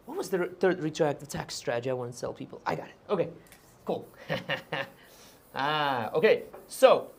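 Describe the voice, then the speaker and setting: A man hosting a live stream on business taxes. He talks in a loose, conversational way, keeps checking in with his viewers, and admits when he is unsure of a detail. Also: high-pitched. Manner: conversational, checks in with "right?" and "okay?"; hedges on details. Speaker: host and tax advisor. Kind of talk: live Q&A explainer.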